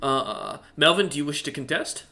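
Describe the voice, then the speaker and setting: A man narrating as game master of a tabletop game, in a casual, halting way with fillers and the odd curse. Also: fairly high pitch, big pitch swings, creaky, pushed and bright. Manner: casual, halting narration with many fillers and restarts, occasional swearing.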